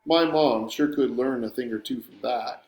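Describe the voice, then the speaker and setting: A man's voice: mid-range voice, normal speed, a little mellow. A man reading a first-person audiobook narration in a sardonic, wry storytelling manner. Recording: roomy room echo.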